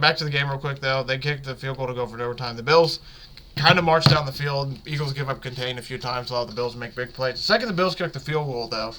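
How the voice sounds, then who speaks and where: Excitable, bright-voiced man rambling about football. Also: mid-range voice. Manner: rambling, excitable, self-correcting. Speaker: podcast host. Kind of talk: casual sports talk.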